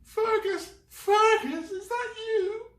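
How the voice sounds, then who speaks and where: A man's voice: slow pace, fairly bright tone, exaggerated voice. A man doing Sylvie, a tearful wailing young girl. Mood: terrified, tearful. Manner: high wailing cries. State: crying. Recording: roomy, mic at a distance.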